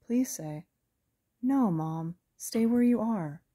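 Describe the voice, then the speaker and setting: A woman reading a soft-voiced, smiling female hunter. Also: medium pitch, lively intonation, breathy edge, pitched above the performer's own voice. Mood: calmly menacing. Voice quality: soft pleasant alto. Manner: quick, light, friendly, amused, menacing. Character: cold, calculating female hunter, adult. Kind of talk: audiobook character reading.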